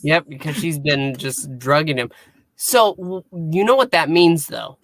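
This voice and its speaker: A man co-hosting a casual podcast, chiming in with quick agreements and dry jokes. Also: a little high, lively intonation. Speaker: podcast co-host. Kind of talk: casual recap chat.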